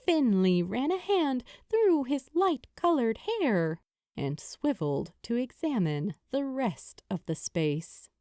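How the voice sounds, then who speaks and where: A woman reading a fantasy novel aloud in a measured storytelling manner. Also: on the high side, sing-song, warm tone, no echo, studio quality. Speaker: audiobook narrator. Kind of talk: scripted narration.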